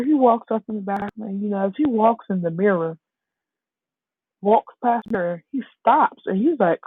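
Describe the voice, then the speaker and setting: A woman's voice: mid-range voice, slightly rough, no echo. A young woman casually retelling a fan story, rambling and full of fillers. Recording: tinny phone-like, dry.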